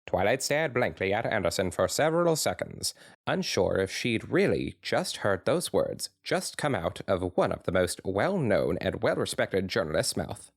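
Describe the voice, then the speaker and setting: A man's voice: lowish voice, big pitch swings, normal speed, no room sound. A podcast co-host man reading fanfiction aloud with a dry, wry narration.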